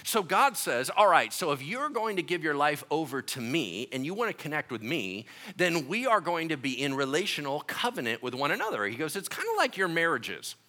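A man preaching a sermon, an animated and joking storyteller who acts out little voices in his asides. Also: a little high, brisk, few pauses. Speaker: pastor.

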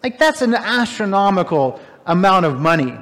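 A man preaching a sermon, retelling a parable with animated, emphatic, incredulous asides. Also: sits high, moderate pace. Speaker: pastor. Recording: long hall reverb.

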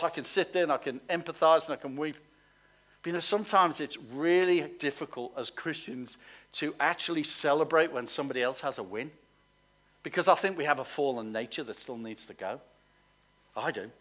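A man preaching a sermon as pastor, animated and swinging between emphatic and hushed. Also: fairly high pitch, moderate pace. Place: church hall.

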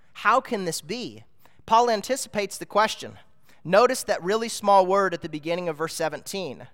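High-voiced preacher in a reverberant hall. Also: male voice, a bit bright. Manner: earnest, explanatory, rising to emphatic peaks. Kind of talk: sermon.

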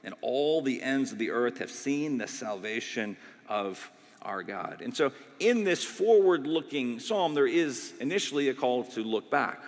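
A man, a pastor in his thirties, preaching a conversational, energetic sermon to a congregation in a church and checking in with "all right?" as he goes. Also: mid-range voice, in a large hall. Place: church sanctuary.

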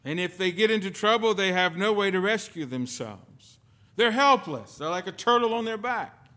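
A man preaching a sermon as pastor, telling stories with sudden swings between loud and soft. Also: high voice, animated, moderate pace. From lived in the United Kingdom.

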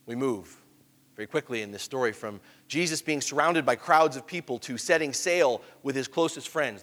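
A man preaches a sermon in a fairly high voice, telling the story with lively, animated emphasis. He drops to hushed asides, then builds back up. His voice rings with long reverb, as if from a large hall.

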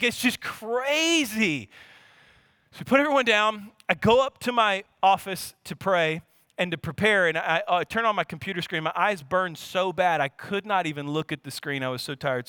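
Passionate man preaching in a bright voice. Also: clear, resonant tone, dry recording. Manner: passionate preaching, swinging from loud and high to soft and low. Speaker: pastor. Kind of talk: sermon.

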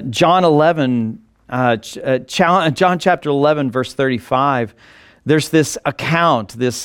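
A man's voice: a little high, clear, resonant tone, no echo, clean studio sound. A male pastor preaching a sermon in an earnest way that builds to emphatic passages.

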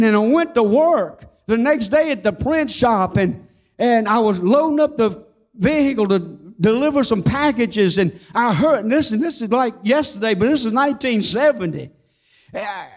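High-voiced older male preacher. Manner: fervent, slows down on key phrases; folksy, humorous storytelling. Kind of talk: sermon with personal testimony.

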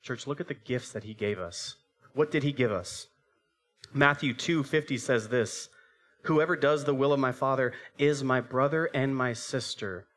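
A man's voice: medium pitch, normal speed, a bit bright. A man in his thirties preaching a sermon as pastor, telling a family story with acted-out voices and asking the congregation rhetorical questions.

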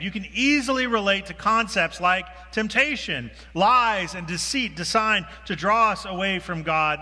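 A male pastor with a very bright, slightly high voice, preaching in a casual, self-deprecating way. His words ring out with a long reverb through a church sanctuary. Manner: self-deprecating, conversational, with restarts. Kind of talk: sermon.

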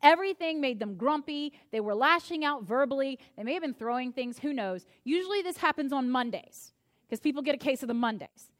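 A woman pastor preaching a sermon in an animated, emphatic way, slowing down to stress key phrases. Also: high voice.

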